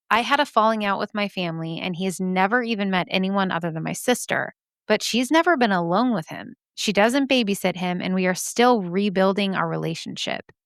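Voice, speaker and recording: A woman's voice: medium pitch, fairly bright tone, dry recording, studio quality. A woman hosting a podcast, reading listener mail aloud and reacting in a chatty, emotional way, laughing often and swearing casually.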